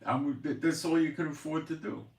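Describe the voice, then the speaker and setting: A man's voice: a little high, steady tone, moderate pace, recorded from a distance. A man hosting his own channel, talking in a rambling, exasperated monologue, complaining and sighing as he goes. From Israel. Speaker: channel host, prophecy commentator. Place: home in the Galilee, Israel. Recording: roomy echo, voice off-mic.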